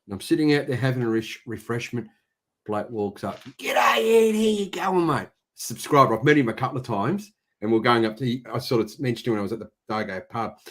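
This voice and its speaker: Joking Australian man with a husky voice. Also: medium pitch, quick pace, a bit bright. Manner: joking, dry storytelling. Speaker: guest YouTuber. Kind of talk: casual live stream chat.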